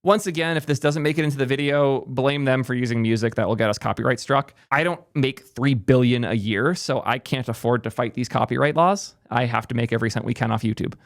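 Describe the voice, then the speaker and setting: A man's voice: medium pitch, vocal fry, no echo, studio quality. A young man hosting a tech channel, giving opinionated, emphatic commentary in a ranting style. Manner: emphatic, ranting, rapid asides. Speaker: tech YouTuber host.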